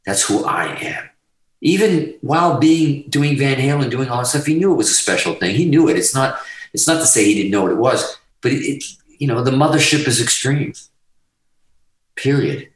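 A man telling stories in casual podcast chat, profane and animated as he talks. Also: medium pitch, a little fast, roomy sound, poor audio. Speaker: guest guitarist.

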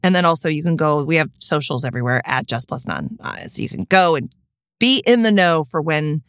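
A woman chatting about her movie, talking with eager, gushing excitement and quick bursts of laughter. Her voice sits a little low. The sound is dry and close, with no room echo. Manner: enthusiastic, gushing, laughs often. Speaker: film director guest. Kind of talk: casual chat.

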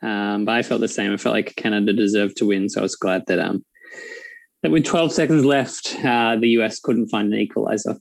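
A man talking as a guest on a sports podcast, relaxed and a bit hesitant. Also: lowish voice, fairly quick, creaky, no echo. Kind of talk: casual sports podcast chat.

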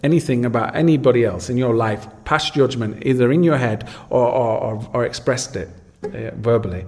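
A man in casual conversation, musing aloud about people. He stops and restarts often and repeats words while he looks for his point. His voice has an ordinary middle pitch. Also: moderate pace, darkish tone. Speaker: host. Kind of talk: casual chat.

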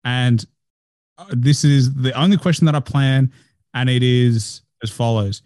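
A man of medium pitch hosts a podcast interview. He speaks in a relaxed, frank way with the odd swear word, and the sound is dry, with no room sound at all. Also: a little slow, no room sound. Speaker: podcast host. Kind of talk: casual interview talk.

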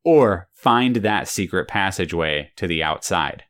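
Very deep-voiced woman interviewer. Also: lively intonation, measured pace. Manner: patient, checks understanding by restating answers. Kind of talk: casual interview with a child.

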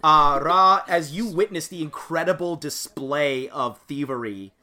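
Man, game master, rambling narration, bright tone. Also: a little high, a little slow.

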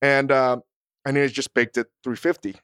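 A man's voice: medium pitch, level tone, moderate pace, a bit bright, clear, resonant tone, no echo, clean studio sound. A man co-hosting a podcast, chatting casually in a blunt, profane, self-mocking way. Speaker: podcast co-host. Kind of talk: casual chat.

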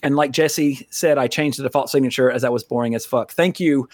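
A man's voice: mid-range voice, fairly even intonation, fairly quick, dry recording, studio quality. An American man co-hosting a podcast in a casual, rambling, profane way, laughing often. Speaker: podcast co-host.

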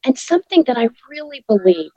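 A middle-aged woman speaking as an interview guest, earnest and encouraging, with soft laughs as she talks. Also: high voice, sing-song, fairly quick, no echo, highs cut off. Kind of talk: casual interview talk.

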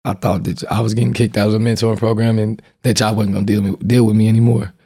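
A young man and father, a guest speaking in a relaxed, earnest and soft-spoken way. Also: fairly low pitch, fast, slightly rough, dry recording, clean studio sound. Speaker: guest, father and youth baseball mentor. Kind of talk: casual conversation.

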